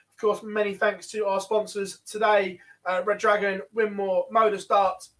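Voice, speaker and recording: A man commentating live on online darts as host, in a brisk and chatty play-by-play way. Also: high-pitched, recorded from a distance.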